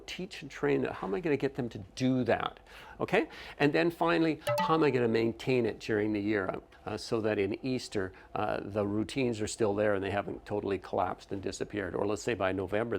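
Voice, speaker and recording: A man lecturing new teachers on running a classroom, his mid-pitched voice carrying a gravelly edge. He explains step by step and keeps asking "okay?" to check that his listeners follow. He often breaks off to restart a phrase. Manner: frequent restarts and self-corrections. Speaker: teacher trainer.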